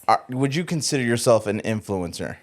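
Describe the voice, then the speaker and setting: A man's voice: medium pitch, expressive, a little fast. Blunt, playful man co-host. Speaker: podcast co-host. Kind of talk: casual podcast chat.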